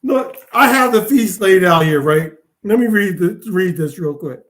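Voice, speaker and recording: A man's voice: high voice, animated, normal speed. A man preaching a sermon as an elder, telling stories animatedly and laughing often.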